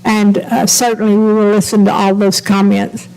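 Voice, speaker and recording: A woman's voice: medium pitch, little pitch movement, normal speed, dark tone, poor audio. Polite, firm woman chairing a board meeting. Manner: polite but firm, keeps speakers to the agenda, hesitant with uhs.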